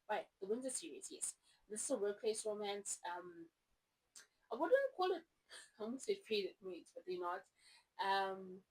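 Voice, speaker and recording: A woman's voice: medium pitch, slightly rough, low-quality recording. A woman from South Africa with a South African accent, chatting casually and gushing through a book review with lots of rambling asides. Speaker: book vlogger.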